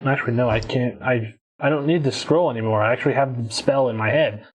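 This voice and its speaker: A man's voice: medium pitch, quick pace, husky, low-quality recording. A man playing a tabletop game, chatting and joking with the group. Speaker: player. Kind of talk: casual game chat.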